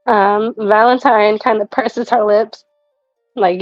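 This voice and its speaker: A woman's voice: mid-range voice, fairly even intonation, slow pace, no room sound, faint music behind. A woman player describing her character's actions in a chatty, giggly way. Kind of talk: casual tabletop play. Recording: dry, dull lo-fi mic.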